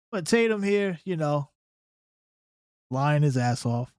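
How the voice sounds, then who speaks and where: A man's voice: on the high side, expressive, slow pace, long pauses, darkish tone, clear, resonant tone, no room sound, studio quality. A man hosting a political reaction commentary, talking emphatically and often checking in with "right?". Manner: emphatic, keeps asking "right?".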